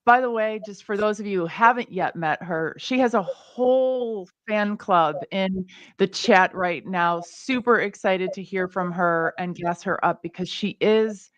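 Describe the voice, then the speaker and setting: A woman's voice: medium pitch, measured pace, fairly bright tone, no room sound. A woman co-hosting a podcast, introducing a guest with gushing enthusiasm. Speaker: co-host. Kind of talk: casual podcast chat.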